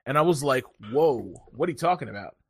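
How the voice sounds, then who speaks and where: A man's voice: mid-range voice, lively intonation, fast talker, husky, no echo, clean studio sound. A man co-hosting a casual podcast chat, joking and rambling through a story. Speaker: podcast co-host.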